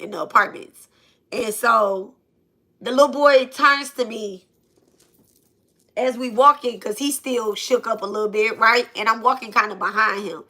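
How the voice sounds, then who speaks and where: Black lady doing a storytime, kinda high bright voice, animated, swears a lot. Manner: animated, repeats phrases, swears freely. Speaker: channel host. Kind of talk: casual storytime.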